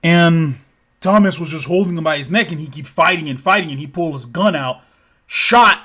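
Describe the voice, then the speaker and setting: A man's voice: fairly high pitch, normal speed, pushed and bright. A man telling a story in a casual, improvised way: profane and rambling, acting out thuds aloud. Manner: profane, rambling, repeats sound effects.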